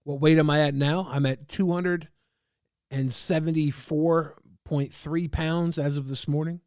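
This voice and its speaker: A man streaming casually, reading and answering chat in a loud, profane, combative rant. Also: on the high side, fairly even intonation, unhurried, no echo, clean studio sound.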